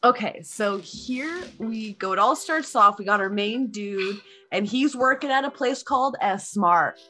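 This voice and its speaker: A young woman in casual chat, retelling a movie plot in a rambling, animated, profane way. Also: mid-range voice, a little slow, soft background music.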